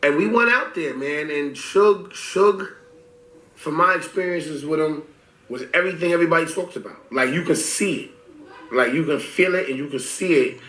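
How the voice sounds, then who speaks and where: A man in his forties telling stories in a casual interview, profane and animated, acting out what people said. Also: a little high, moderate pace. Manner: animated storyteller, profane, acts out quotes. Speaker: rapper guest. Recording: roomy echo.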